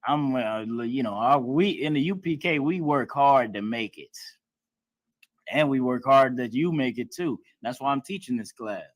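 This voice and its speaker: A man's voice: medium pitch, normal speed, no room sound. A man teaching a class in a preaching style, emphatic and blunt, with casual everyday speech and some swearing. He acts out other people's lines in mocking tones.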